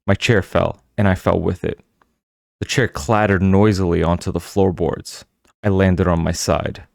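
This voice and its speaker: Male audiobook narrator, low voice, dry close recording, measured storytelling. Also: level tone, creaky, dry recording.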